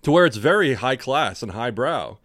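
A man co-hosts a podcast, chatting casually and ramblingly and swearing freely. His mid-range voice is very animated with a fairly bright tone at normal speed, and the recording is dry with clean studio sound.

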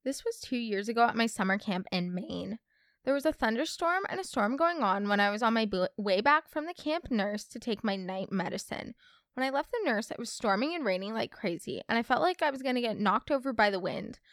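A young woman hosts a casual storytime podcast, chatty and expressive as she reads listener stories aloud. Her slightly high voice swoops up and down a lot. The sound is dry and close. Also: fairly quick, no echo. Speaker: podcast host.

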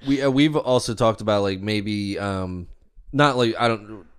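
Low, smooth-voiced hesitant man. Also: unhurried. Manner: hesitant, apologetic, many ums. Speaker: podcast host. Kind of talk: casual chat.

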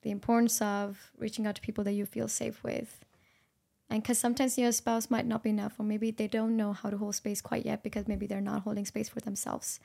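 A woman co-hosts a podcast with a calm, affirming manner. Her voice stays level and steady, edged with creaky fry, and her pitch sits mid-range. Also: fairly quick. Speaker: podcast co-host. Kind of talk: conversational podcast talk.

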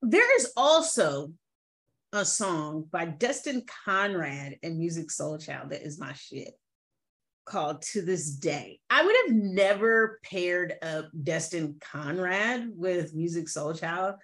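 A woman's voice: lowish voice, expressive, slow, a bit bright. A woman co-hosting a podcast in casual chat, candid and blunt, swearing freely. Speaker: podcast co-host.

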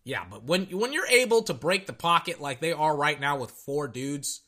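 Young man, football reaction, high voice, very lively pitch, rambling, stuttering restarts. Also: moderate pace. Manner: excitable, rambling, stutters and repeats himself. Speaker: football commentator reacting to a game. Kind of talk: casual live reaction commentary.

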